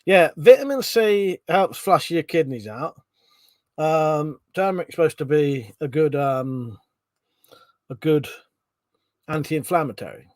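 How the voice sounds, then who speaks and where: A man's voice: on the high side, animated, a little slow, long pauses, dry recording. A middle-aged man hosting a casual live stream, swearing freely, laughing often and chatting about viewers' comments.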